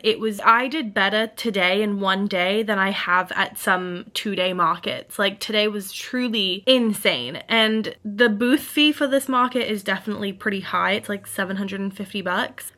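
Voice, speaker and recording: A woman's voice: medium pitch, pushed and bright. A young woman talking to the camera in a casual vlog at home, rambling, laughing and getting emotional, with lots of "like". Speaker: small business artist vlogger. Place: at home, indoors.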